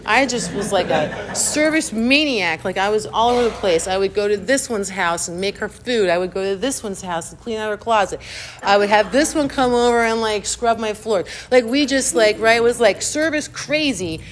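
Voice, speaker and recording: A woman's voice: medium pitch, normal speed, a little hiss or hum. Chatty woman telling a personal story. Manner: animated, chatty, lots of "like" fillers. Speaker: speaker sharing her recovery story.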